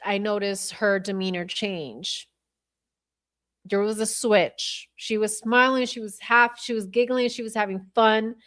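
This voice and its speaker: A woman hosting a podcast livestream, thinking aloud as she replays video footage and talks to her viewers and chat in a blunt, profane way. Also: medium pitch. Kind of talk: casual livestream commentary.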